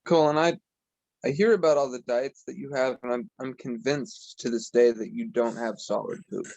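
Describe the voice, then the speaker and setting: A man's voice: medium pitch, steady tone, moderate pace, vocal fry, a little mellow, poor audio. A young man guesting on a casual podcast, rambling and making crude jokes. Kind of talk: casual chat.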